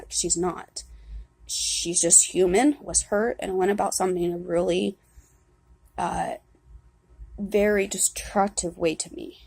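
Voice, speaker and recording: Husky, gravelly young woman confessing. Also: lowish voice, darkish tone, dry recording. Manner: candid, halting, swears often, many restarts. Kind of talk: personal confessional vlog.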